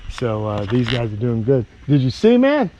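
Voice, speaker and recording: A man's voice: medium pitch, sing-song, moderate pace, mellow. An enthusiastic man chatting casually in an outdoor vlog while walking around his animal camp. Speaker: animal keeper and vlogger.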